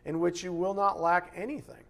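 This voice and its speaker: Male pastor, slightly high voice, animated live sermon from the pulpit. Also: fairly quick, vocal fry. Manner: animated preaching, reads scripture aloud, acts out God's voice in asides. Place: church sanctuary.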